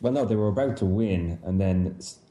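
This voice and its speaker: A man's voice: lowish voice, a little fast, mellow, roomy sound. A man giving matter-of-fact background in a casual anime chat.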